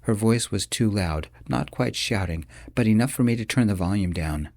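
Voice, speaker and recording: A man narrating a romance audiobook in the first person, with steady, measured storytelling. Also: lowish voice, no room sound, studio quality.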